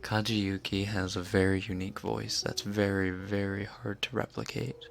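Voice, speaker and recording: A woman chatting casually on a live stream, answering her chat in a soft, giggly, rambling way with lots of fillers. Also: a bass voice, level tone, normal speed, gravelly.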